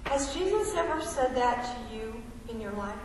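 Woman pastor giving a sermon, high voice, sounds distant in a big echoey church. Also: lively intonation, moderate pace, slight background noise. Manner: questioning, conversational, reads scripture aloud. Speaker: preacher. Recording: echoey hall, mic far off.

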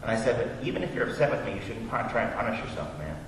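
A pastor with a mid-range voice speaks very fast and very animatedly, telling a personal story, complete with quoted dialogue, to kick off his sermon. The recording has echoey hall acoustics, a distant mic, and background noise.

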